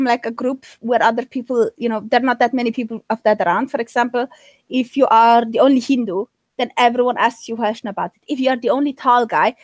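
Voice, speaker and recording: A woman's voice: a little high, dry recording. A woman with a mixed, hard-to-place accent, speaking as a guest in a casual live-stream chat and earnestly explaining her views at length.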